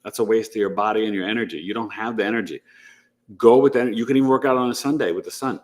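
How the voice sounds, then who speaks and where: A man's voice: fairly low pitch, fast talker. A man hosting a casual astrology livestream, chatty and joking as he gives advice. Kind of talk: casual live-stream chat.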